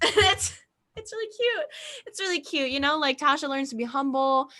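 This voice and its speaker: A woman with a high, bright voice chats casually and recounts a story with animation. She swears freely along the way. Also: lively intonation, normal speed. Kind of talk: casual chat.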